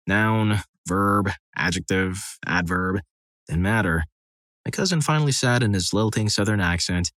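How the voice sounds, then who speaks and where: A man with a fairly low voice reads one short story after another in a steady, even narration. The sound is close and dry, with no room around it. He keeps a scripted storytelling pace throughout. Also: fairly quick, no echo. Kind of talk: scripted narration of reader stories.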